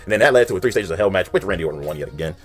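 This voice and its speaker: A young man tears through his countdown at a very fast clip, his voice sitting low. He retells storylines in an animated, slang-heavy way while faint music plays underneath. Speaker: video creator. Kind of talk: casual countdown commentary.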